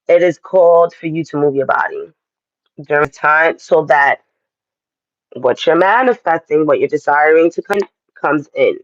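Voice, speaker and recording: Guy doing a chatty tarot reading, kinda high voice, dry dull lo-fi sound. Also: no echo. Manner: chatty, direct, addresses viewers as y'all. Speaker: astrology and tarot reader. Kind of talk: casual spiritual reading to viewers.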